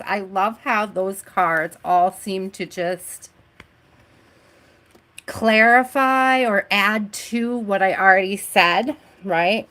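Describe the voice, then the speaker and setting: A woman tarot reader talking on a live stream at a slow, relaxed pace. Her chat is loose and friendly and broken up by frequent laughter. She greets her viewers one by one as she builds a list. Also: mid-range voice.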